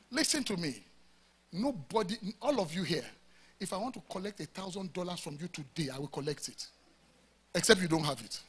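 A man's voice: sits high, bright, forceful tone, husky. A Nigerian pastor preaching a sermon to his congregation, with emphatic, rhetorical questions. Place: church service before a congregation.

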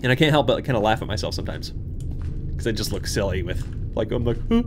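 A young man hosting a horror game playthrough, talking to viewers, jumpy and swinging from hushed muttering to yelps. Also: fairly low pitch, fast, noisy background. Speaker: gaming channel host. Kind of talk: horror game let's play commentary. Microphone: desk microphone.

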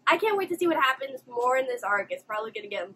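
A woman's voice: sits high, animated, fast talker, fairly bright tone, low-quality recording. A young woman hosting an anime reaction video, emotional and exclamatory, swearing now and then. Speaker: reaction channel host.

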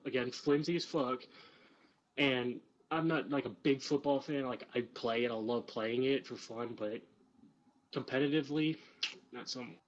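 A young man vlogging, chatting casually and joking with a stranger over video chat. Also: mid-range voice. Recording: dull lo-fi video chat audio.

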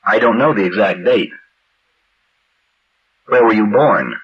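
A man reading English practice phrases slowly and clearly for learners, on a dull lo-fi vintage recording. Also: fairly low pitch. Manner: measured, carefully enunciated drill reading. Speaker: language teacher.

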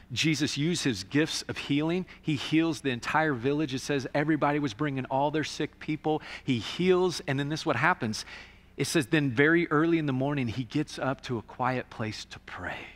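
A man preaching to his congregation in a bright, ringing voice pitched a little high. He talks to the room like friends, surging to loud emphatic peaks and then dropping to a hush. The sound carries a long church-hall reverb. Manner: conversational preaching, swings from loud to hushed. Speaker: pastor. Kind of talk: sermon. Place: church sanctuary.

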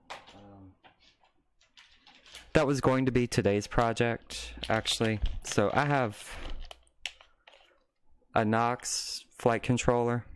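A man's voice: mid-range voice, clear, resonant tone. A man hosting a casual live stream, talking in a rambling, self-interrupting way that breaks into mocking rants.

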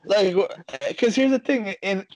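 A man telling stories in a casual podcast chat, animated and swearing freely. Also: high voice, a little slow, rough recording. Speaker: guest, jiu-jitsu coach and fighter.

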